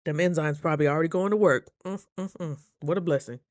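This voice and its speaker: A young woman talking casually in a motivational vlog, chatty and animated, jumping high when she quotes people. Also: fast talker. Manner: chews while talking at times. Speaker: vlogger.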